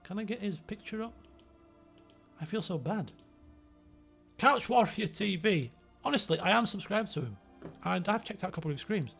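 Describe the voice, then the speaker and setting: A man's voice: high-pitched, animated, moderate pace, creaky, long pauses, fairly bright tone, soft background music. A man with a Yorkshire accent, chatting casually on his stream, rambling with many fillers and restarts. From Yorkshire, England. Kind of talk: casual chat.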